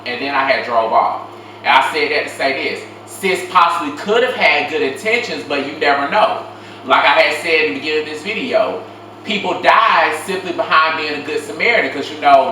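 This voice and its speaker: A woman's voice: sits low, animated, a little fast, sharp tone. A woman hosting a casual reaction chat with her sister, talking in an emphatic, chatty way with lots of filler. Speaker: show host. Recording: echoey room, mic at distance, faint noise.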